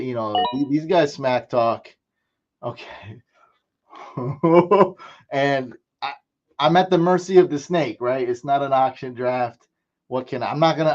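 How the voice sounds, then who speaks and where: Excitable young man streaming his draft. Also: mid-range voice, lo-fi sound. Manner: excitable, hypes his picks with loud outbursts, repeats himself. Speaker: fantasy football streamer drafting live. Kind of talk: casual live-stream reaction chat.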